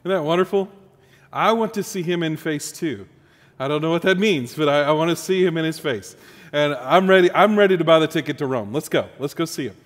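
A man's voice: on the high side, a little fast, big-room sound. A man from the United States preaching a sermon, conversational and joking, teasing his congregation. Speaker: pastor.

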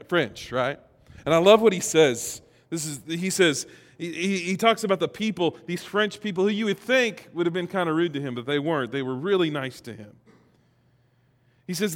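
A man preaching in a church, his fairly high voice carrying a long reverb from the hall around him. He talks in a folksy, joking way and leads the congregation in call-and-response. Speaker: pastor. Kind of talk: sermon.

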